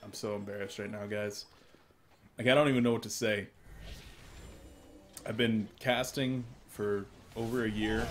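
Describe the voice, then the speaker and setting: A man's voice: on the low side, unhurried, long pauses, slight background noise. Hiccuping young male game caster. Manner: chatty, self-deprecating, bursts of excitement on plays. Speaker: esports caster. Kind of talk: solo play-by-play commentary from home. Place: room at his mother's home.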